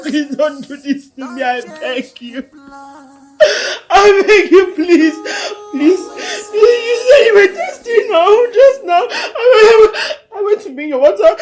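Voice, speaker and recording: An actress playing a sobbing, high-voiced young princess. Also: female voice, steady tone, moderate pace, few pauses, faint music behind, lightly acted. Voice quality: sobbing, pleading. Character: young princess wailing over her dead mother. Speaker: grieving princess. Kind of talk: Nollywood film acting.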